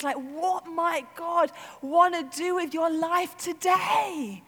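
A woman preaching a sermon in an animated, chatty way, peppering her talk with "like". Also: very high voice, slow, hardly any pauses. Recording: long hall reverb.

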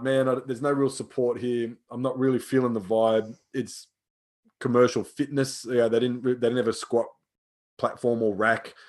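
A young man who works as a personal trainer tells stories in casual chat, swearing freely and acting out the lines of the people he quotes. His voice is mid-range.

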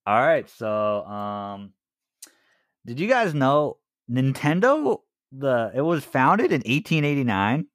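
Lively teasing man sharing trivia. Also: medium pitch, takes it slowly, no echo, studio quality. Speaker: podcast co-host. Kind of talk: casual chat.

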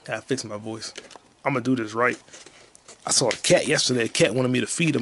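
Crude, rambling solo podcast host, male, mid-pitched, jokey. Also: a little fast, fairly bright tone, a little hiss or hum. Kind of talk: solo comedy podcast rant.

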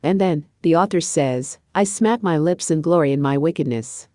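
A remorseless male grizzly bear from a storybook growls out his menace, as a woman reads him. The voice sits low and is recorded dry and close. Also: moderate pace, dark tone, no echo, close to an everyday voice. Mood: boastful.

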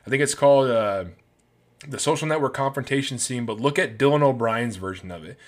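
A man's voice: mid-range voice, a little fast. A man giving casual, enthusiastic movie commentary as a film reviewer, rambling from one scene to the next.

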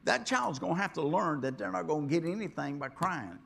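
Gravelly, bright-voiced man preaching a sermon. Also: fairly high pitch, lively intonation, brisk. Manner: rambling, repeats words, swings from quiet asides to loud exhortation. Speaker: pastor.

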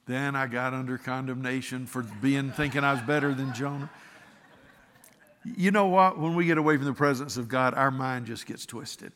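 Guy preaching a sermon, bright punchy voice, stumbles and restarts a lot, long echo like a big church hall. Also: mid-range voice, steady tone, normal speed. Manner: earnest, conversational with stammered restarts. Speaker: pastor.

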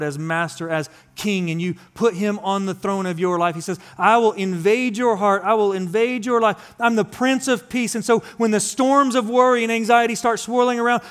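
A man in his thirties preaching a sermon as pastor, moving between hushed, intimate passages and loud, urgent ones in a repetitive preaching cadence. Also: high-pitched, clean tone.

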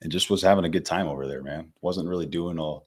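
A man in his twenties with a notably deep voice tells a story as a podcast guest. His delivery is casual and easygoing, full of swearing and slang like dude and bro. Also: fast, darkish tone, breathy edge. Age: 20s. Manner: laid-back, swears freely, says dude and bro.

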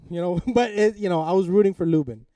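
A man's voice: high voice, fast, dry recording, far from the mic. A man telling a boxing story in casual chat. He swears a lot, gets carried away, and acts out the lines of the people in the story. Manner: excitable, swears a lot, shouts during the story, laughs often. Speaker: podcast co-host.

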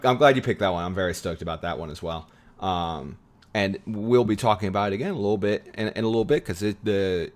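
A man hosting a loose film-talk podcast. His voice sits very low, and he keeps the chat easygoing with plenty of laughs and filler words. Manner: chatty, laughs often, many fillers. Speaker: podcast host.

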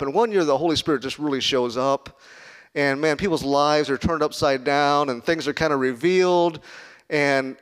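A pastor from Chicago giving a conversational sermon, joking and asking the congregation questions. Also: male voice, a little high. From Chicago, United States.

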